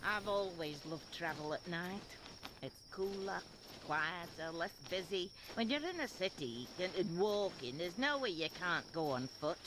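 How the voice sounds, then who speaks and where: An actress playing a gruff old blind woman seer in a video game, blunt and wry. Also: on the low side, background noise. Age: older. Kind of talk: game voice acting.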